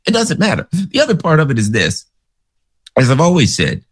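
A man's voice: on the high side, wildly swooping pitch, fairly quick, breathy edge. A man giving casual political commentary, rambling through sarcastic anecdotes.

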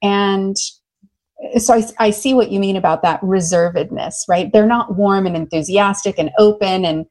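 A woman speaks with a lively, outgoing warmth, telling her stories with plenty of energy. She laughs often and comes across a little loud. Her voice sits at an ordinary middle pitch. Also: moderate pace. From United States. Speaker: love coach guest. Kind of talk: candid interview storytelling.

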